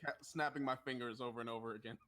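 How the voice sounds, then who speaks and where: A man's voice: medium pitch, steady tone, fast talker, background noise. A man playing a tabletop game, playful and stammering a little. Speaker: player. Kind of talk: casual tabletop play.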